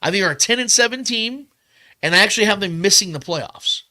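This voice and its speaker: A man hosting a podcast, debating football predictions in a casual, animated way, often repeating himself to drive a point home. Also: high-pitched, fairly quick. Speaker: podcast host.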